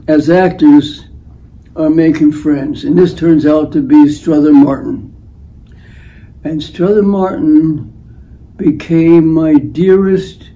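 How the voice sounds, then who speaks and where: Brief: older male host, slow rambling storyteller, dark mellow tone, acts out the quotes. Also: on the high side, poor audio. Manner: unhurried, acts out the voices in his stories. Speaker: host telling life stories.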